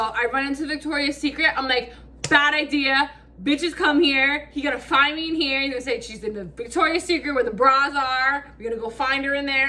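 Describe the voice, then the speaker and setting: A woman's voice: high-pitched, brisk. A woman telling a storytime vlog in casual slang, acting out quotes with lots of fillers and swearing. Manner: animated, acts out quotes, frequent "like" fillers. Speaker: vlogger.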